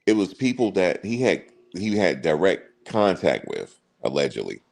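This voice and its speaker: A man's voice: deep voice, big pitch swings, normal speed, gravelly, a little mellow. A man hosting a casual commentary stream, telling stories and talking straight to his viewers, repeating his words as he goes. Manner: chatty storyteller, addresses viewers directly, repeats himself. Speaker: commentary channel host.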